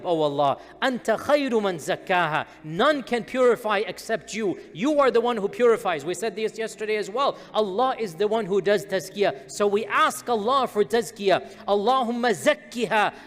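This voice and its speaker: A man giving an earnest, emphatic sermon, repeating key phrases and reciting Arabic supplications slowly. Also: high-pitched, fairly bright tone. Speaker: preacher. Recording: long hall reverb.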